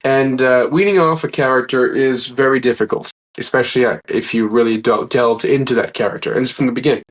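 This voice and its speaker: Speaking a little fast in a medium pitch, this interview guest rambles earnestly through his stories in a casual conversation. He frequently starts his sentences over and performs the dialogue he quotes.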